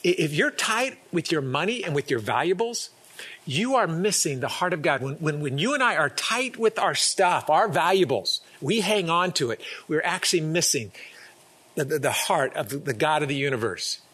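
A middle-aged pastor preaching a sermon, earnest, often repeating words and acting out little quoted exchanges. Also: male voice, on the high side, animated, normal speed, fairly bright tone, husky.

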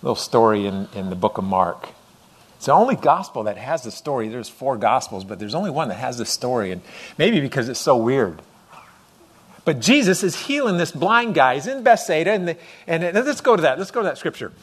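A man's voice: mid-range voice, very animated, a little fast, breathy edge. A middle-aged man preaching a sermon as pastor, conversational and acting out voices as he goes. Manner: conversational, acts out voices with rising intensity.

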